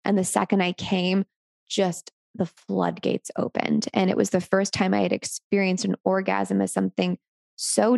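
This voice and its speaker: A woman in her thirties giving a candid, relaxed educational talk with frank, encouraging delivery. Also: medium pitch, creaky, no room sound. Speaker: sex educator.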